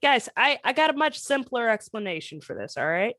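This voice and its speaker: A woman's voice: on the high side, very animated, fairly quick, a bit bright, no room sound, studio quality. A woman playing a tabletop game, voicing her character in blunt, slangy, streetwise talk. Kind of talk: in-character tabletop role-play.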